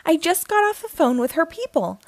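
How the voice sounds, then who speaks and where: A woman voicing an excitable, chattery cartoon duck woman in a storybook reading, loud and eager. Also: very high-pitched, brisk, no echo, voice pushed up, full character voice. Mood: excited.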